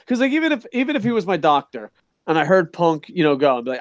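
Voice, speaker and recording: A fast-thinking man ranting about pro wrestling, heavy on swearing and restarts as he circles back to his point. His voice sits a touch high for a man and sounds close and dry, with no room around it. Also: no room sound, lo-fi sound. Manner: rambling, profane, excitable. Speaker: podcast host. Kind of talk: casual wrestling chat.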